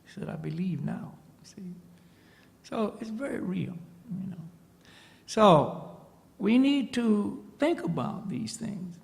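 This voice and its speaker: A man's voice: high voice, big pitch swings, slow, creaky, pauses often, darkish tone, whispered, long reverb tail. A man, a spiritual teacher, telling a story in a lecture to an audience and often checking in with a questioning "see?". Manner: tags points with a questioning "see?".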